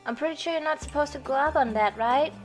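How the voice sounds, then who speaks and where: A young female gaming youtuber gives chatty commentary on her gameplay in a high-pitched, brisk voice. She startles easily and swears when frustrated, with faint game music behind her.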